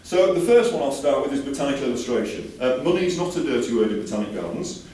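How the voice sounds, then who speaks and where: A man's voice: mid-range voice, big pitch swings, fast, mellow, slight background noise. A man giving a chatty, enthusiastic conference talk with jokey asides, from the UK. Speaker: conference speaker. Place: conference hall. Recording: roomy hall, distant mic, faint ambience.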